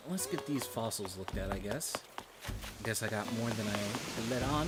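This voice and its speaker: A man's voice: fairly low pitch, normal speed, noisy background. A man chatting casually while streaming a game, telling rambling stories and swearing freely. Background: game music.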